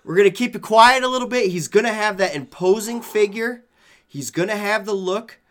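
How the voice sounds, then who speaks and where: A man's voice: high voice, a little fast, fairly bright tone. Easygoing man in casual movie talk. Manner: easygoing, laughs often. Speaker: podcast co-host.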